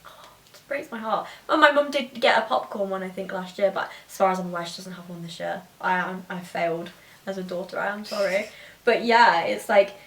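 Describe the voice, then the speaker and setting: A woman's voice: mid-range voice, a little fast, a bit bright. A woman co-hosting a podcast in casual chat, giggly and rambling. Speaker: podcast co-host. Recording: echoey room, distant mic.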